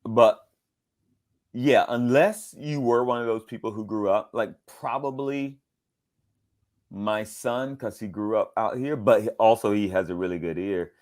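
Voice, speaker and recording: A middle-aged man from the American South, a voice actor telling animated stories in a casual interview. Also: a little slow. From Southern United States, Georgia. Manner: animated storyteller, leaps up high when quoting people. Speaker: voice actor guest.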